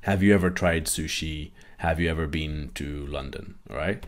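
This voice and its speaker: A man's voice: very deep voice, normal speed. A man teaching English grammar in a live online class, chatty, reading out viewers' comments and often checking that they follow.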